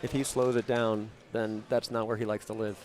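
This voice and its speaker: A man's voice: on the low side, little pitch movement, moderate pace, a loud crowd. A man commentating a live match in a casual, emphatic way. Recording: loud music behind.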